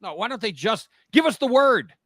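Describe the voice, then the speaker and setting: A man in his fifties, co-hosting a talk podcast, telling stories in a casual, animated way and acting out the people he quotes. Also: extremely high pitch, normal speed, no room sound, clean studio sound. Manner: animated storyteller who acts out quoted voices. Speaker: podcast co-host.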